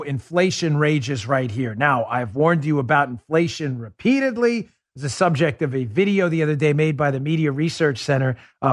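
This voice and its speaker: A man's voice: a little high, no room sound, studio quality. Emphatic, sarcastic male political host. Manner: emphatic, sarcastic rhetorical questions. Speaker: political talk show host. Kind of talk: opinionated commentary.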